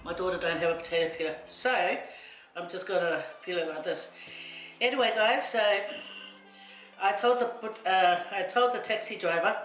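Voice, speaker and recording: In an echoey home kitchen with faint music playing, a middle-aged Samoan vlogger cooks while telling a rambling story punctuated by laughing asides. Her voice is fairly low and fairly bright, with fairly even intonation at a moderate pace.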